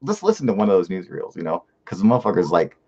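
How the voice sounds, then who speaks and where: A man with a fairly low voice talks loosely and at length as a live-stream host. He rambles, swears freely and pushes his points hard while answering comments. The sound is muffled and lo-fi. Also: very animated, fast, warm tone. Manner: profane, rambling, emphatic. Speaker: live-stream host reading viewer chat. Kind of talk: casual live-stream chat.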